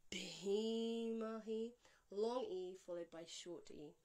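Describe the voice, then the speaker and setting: A woman teaching how to pronounce a Sanskrit mantra, explaining calmly and clearly. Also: on the low side. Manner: calm, explanatory, slowing to a drawn-out chant on each Sanskrit word. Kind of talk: spoken pronunciation lesson with chanted examples.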